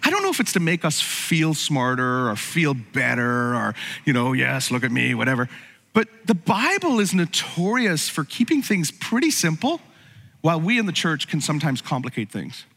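A man's voice: a little high, huge pitch swings, normal speed, a bit bright, in a large hall. A man preaching a sermon as pastor, conversational and humorous, with frequent asides to the congregation.

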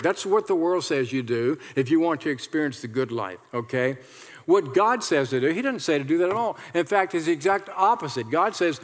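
A male pastor preaching a lively sermon, repeating lines and leading the congregation in call-and-response. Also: a little high, brisk. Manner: animated, repetitive, leads the congregation in call-and-response. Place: large church hall with congregation. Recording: long hall reverb.

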